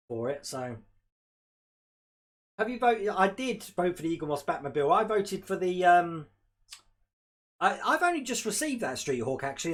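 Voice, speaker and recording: Husky, animated man chatting live. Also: a little high. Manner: chatty, rambling, laughs often, talks to his dog. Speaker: hobby model-build livestream host. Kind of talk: casual live-stream chat. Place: home hobby room.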